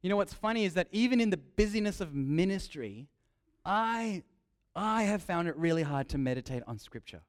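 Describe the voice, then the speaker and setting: A young man preaching a sermon, lively and joking, repeating his key phrases. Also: sits high, normal speed.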